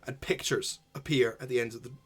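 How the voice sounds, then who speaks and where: A man narrating a tabletop role-playing game as game master, describing scenes slowly and deliberately. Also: mid-range voice, fairly even intonation, breathy edge, faint music behind.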